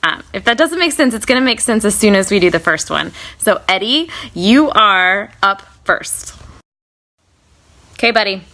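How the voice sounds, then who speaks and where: A playful American woman with a bright, forceful voice leads a light game segment on a casual podcast. She teases the others and laughs easily as she talks. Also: medium pitch, expressive, moderate pace. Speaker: co-host running a game segment.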